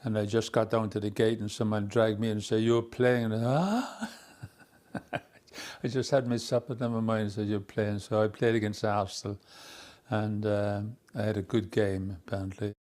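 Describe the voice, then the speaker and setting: A man's voice: fairly low pitch, little pitch movement. An older man with an Irish accent, a former footballer fondly telling stories in an interview. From Ireland. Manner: fond, unhurried storytelling with soft laughs. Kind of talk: reminiscing interview.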